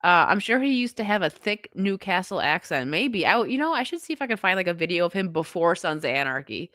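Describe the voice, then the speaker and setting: A woman's voice: lowish voice, very animated, brisk, a bit bright, no room sound, clean studio sound. A woman streamer who is sick, giving casual, rambling live commentary and laughing often. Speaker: streamer host.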